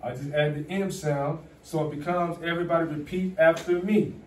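A man's voice: a little high, fairly even intonation, moderate pace, a little mellow. Man drilling a class, roomy and distant. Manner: repetitive, coaxing call-and-response teaching. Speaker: teacher. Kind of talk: classroom Arabic pronunciation drill. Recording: echoey classroom from far off, faint hum.

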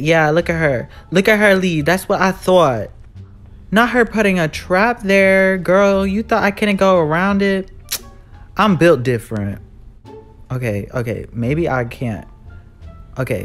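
A gamer giving live commentary on a horror game, jumpy and sassy, shrieking when scared and talking back to the villain. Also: medium pitch. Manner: frightened shrieks and repeated exclamations.

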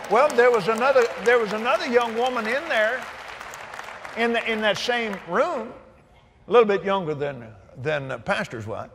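A man's voice: high voice, sing-song, a little slow, bright, forceful tone. An older man preaching, telling a story with laughter and folksy asides. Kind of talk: sermon storytelling. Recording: echoey hall reverb.

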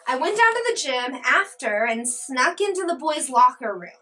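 A woman's voice: high voice, big pitch swings, moderate pace, bright, forceful tone, distant mic, exaggerated voice. A woman voicing an earnest, eager young college girl who is a lab partner with a crush.

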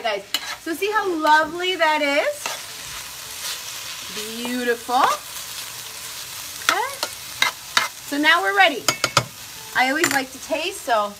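A woman's voice: high voice, big pitch swings, takes it slowly, long pauses, heavy background noise. A young adult woman hosting a live cooking demonstration, chatty and upbeat, talking straight to her viewers. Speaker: cooking show host.

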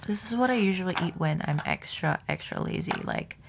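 A woman's voice: fairly low pitch, sing-song, fairly quick, creaky, background noise. A woman chatting casually in a vlog, rambling and filling her talk with "like" while she eats. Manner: chatty, rambling, heavy use of "like". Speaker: vlogger.

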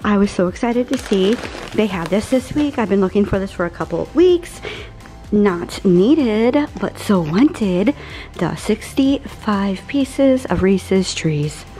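A woman's voice: medium pitch, expressive, a little slow, warm tone, faint music behind. A woman in her forties chatting through a grocery haul in an upbeat, rambling way. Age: 40s. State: out of breath. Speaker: vlogger.

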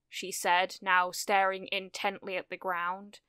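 A woman reading a fan fiction story aloud in steady, measured narration on a close microphone. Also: medium pitch, clean tone, no room sound. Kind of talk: scripted narration.

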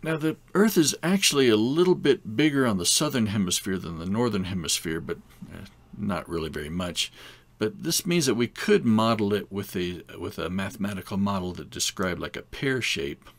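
A male instructor explains things in a loose, conversational way and drops wry asides as he goes. His voice sits low with a gravelly fry in it. The sound is dry and close, with no room around it. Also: animated, normal speed, no room sound. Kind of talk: recorded screen lecture.

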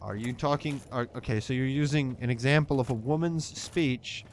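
A man's voice: mid-range voice, normal speed, slight background noise. A man co-hosting a let's play, arguing in a pedantic, sarcastic way during casual gaming commentary.

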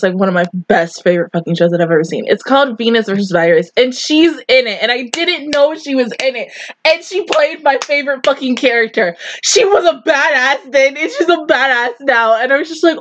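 A woman reviewing anime in a casual, emotional way, swearing freely and sounding close to tears. Her voice sits high and swings widely in pitch. The recording sounds a little dull and lo-fi. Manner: gushing, emotional, swears often. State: teary, close to crying. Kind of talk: casual reaction commentary.

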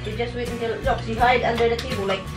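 Filipina lady vlogging at home, kinda high voice, chatty and teasing, music playing under it. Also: level tone, fast talker. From Philippines. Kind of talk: casual home vlog chat. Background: background music.

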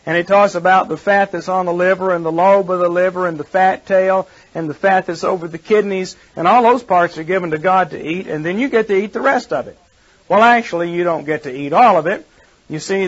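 Male lecturer, high voice, quizzes the class as he explains; muffled old recording. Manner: explanatory, asks the class questions. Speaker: Bible teacher. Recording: dull lo-fi archive recording.

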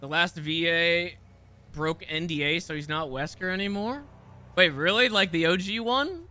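A man's voice: a little high, normal speed, pushed and bright. A young man doing gameplay commentary, swearing and laughing often in disbelief. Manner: profane, laughs often, incredulous. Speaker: gaming streamer.

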